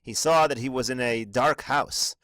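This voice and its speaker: A man of middling pitch gives a text lesson, reading each short phrase aloud in the original before explaining it in plain English. His voice is close and dry, with no room sound around it, like a screencast voice-over. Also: moderate pace, fairly bright tone, no room sound, poor audio. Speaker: Talmud teacher. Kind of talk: reading and translating a text line by line.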